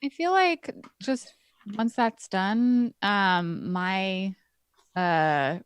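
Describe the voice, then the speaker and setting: A woman's voice: mid-range voice, very slow, clean tone, dry recording. Tentative woman playing a tabletop game. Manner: tentative, filler-heavy. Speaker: player. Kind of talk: casual tabletop play.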